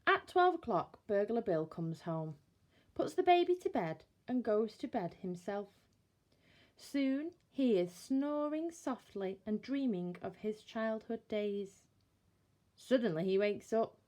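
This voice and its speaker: A woman reading a bedtime story aloud in a slow, expressive storytelling manner. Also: on the high side.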